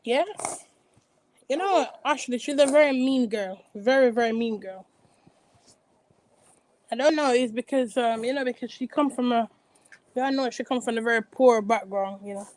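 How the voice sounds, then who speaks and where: A woman's voice: on the high side, normal speed, long pauses, a little mellow, low-quality recording. A woman giving a rambling, gossipy recap of a reality TV show in a casual chat. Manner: rambling, gossipy, frequent restarts. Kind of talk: casual chatty commentary.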